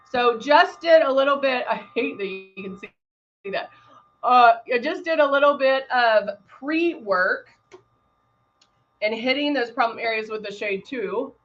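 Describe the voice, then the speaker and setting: A woman's voice: fairly high pitch, measured pace, fairly bright tone, highs cut off. A woman casually demonstrating airbrush makeup on a livestream, greeting viewers by name while she works. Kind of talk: casual live makeup demo chatting with viewers.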